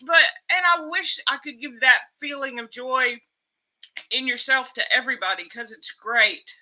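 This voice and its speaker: A woman's voice: sits high, moderate pace, pushed and bright. A woman hosting a casual livestream from home, emotional and upbeat, laughing often as she chats. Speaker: livestream host.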